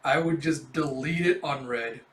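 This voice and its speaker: A man's voice: medium pitch, measured pace, a bit bright. A man hosting a casual reading of a comic chapter, chatty and joking with lots of fillers. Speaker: manga reaction host. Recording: roomy, distant mic.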